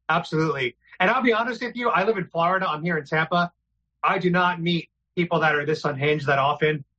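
A man's voice: a little high, bright, forceful tone, lo-fi sound. A man from New York City talking as an interview guest, telling his experiences in an earnest, matter-of-fact way. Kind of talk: casual interview talk.

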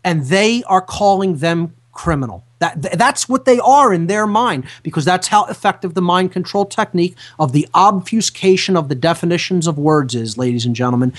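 A man's voice: sits high, animated, normal speed, few pauses. A man hosting a talk radio show who speaks emphatically, repeating key phrases in a lecturing manner. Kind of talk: impassioned talk radio monologue.

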